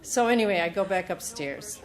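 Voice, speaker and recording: A woman speaker at a retreat, telling a personal story in an animated way and acting out what others said. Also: mid-range voice, normal speed, background noise. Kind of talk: personal testimony talk. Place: retreat meeting room.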